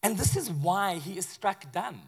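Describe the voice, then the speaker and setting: A man, a pastor, preaching a sermon in a conversational, animated way with acted asides. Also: sits high, measured pace, breathy edge.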